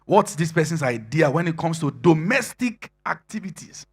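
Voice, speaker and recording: A middle-aged man preaching a sermon to singles in a conversational style, laughing often and building to loud emphasis. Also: fairly high pitch, expressive, moderate pace, slightly rough.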